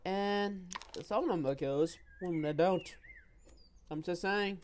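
Slow-talking woman trash-talking in game chat. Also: on the low side, a little mellow, slight background noise. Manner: joking trash talk with repeated phrases. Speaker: player recording gameplay.

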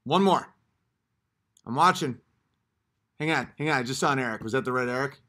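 A man live-streaming, ranting at his chat in a combative, profane way, repeating short phrases and swinging between muttering and yelling. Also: mid-range voice, fast talker.

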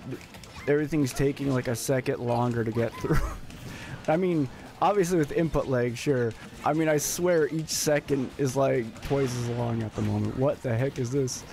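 A man with a raspy voice giving excitable, jokey live commentary as he plays, breaking into sudden yelps. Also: medium pitch, measured pace. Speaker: streamer.

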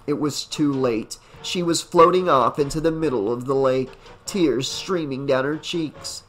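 A man narrating a fan novelization as an audiobook in a dramatic, deliberate reading. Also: medium pitch, a bit bright, faint music behind. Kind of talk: scripted narration.

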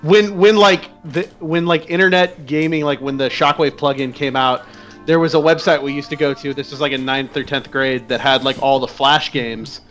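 A man's voice: a little high, fairly even intonation, moderate pace, a bit bright, faint music behind. A man co-hosting a podcast in casual chat, rambling with many filler words. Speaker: podcast co-host.

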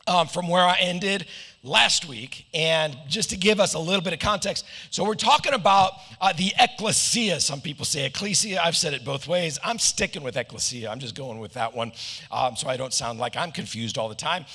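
A middle-aged American pastor delivers a sermon in a high, gravelly voice, slipping into playful joking asides. His tone is very bright and cutting, and it rings with long reverb off a hall. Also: normal speed.

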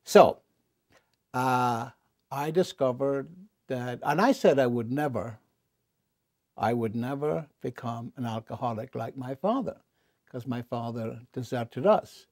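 Slow-paced and captured in clean, echo-free studio audio, this male interview guest is a wry, lively storyteller speaking candidly. He rises in pitch to hit punchlines and goes low and quiet when confessing serious things.

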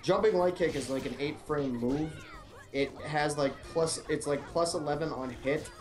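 A man commentating a fighting-game match casually, coaching and explaining moves, quick to yell at big plays. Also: on the high side, faint music behind. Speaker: esports commentator.

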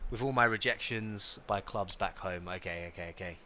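Excitable young man streaming a game. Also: deep voice, normal speed, lo-fi sound, background noise. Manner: excitable, chatty, greets chat by name. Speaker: live streamer. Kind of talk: live gameplay stream, chatting with viewers.

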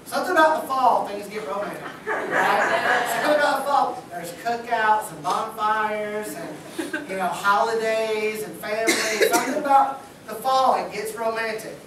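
Man preaching in a booming hall. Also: normal speed, a loud crowd. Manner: casual, joking, talks like a buddy. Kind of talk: sermon. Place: church sanctuary. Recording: echoey church hall from far off.

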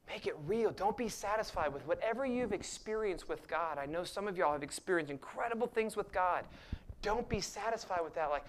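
A male pastor preaching a sermon, passionate and emphatic, swinging between loud bursts and hushed asides, with sarcastic jabs. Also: high voice, slight background noise. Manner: sarcastic mock voices for points.

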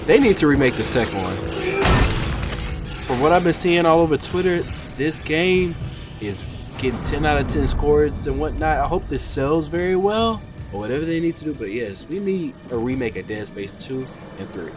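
A gaming streamer gives casual let's-play commentary on a horror game, excitable and yelping and cursing whenever something startles him. His voice is a little high at a moderate pace, with loud music playing under it.

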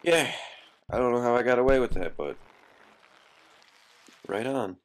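A man's voice: medium pitch, unhurried. A young man giving casual gameplay commentary, swearing constantly and yelping in frustration.

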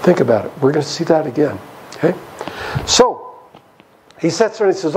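Animated high-voiced man teaching Bible study. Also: moderate pace, pauses often, poor audio. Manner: animated, acts out voices of the characters, asks the audience questions. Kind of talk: church Bible study lecture. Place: church hall.

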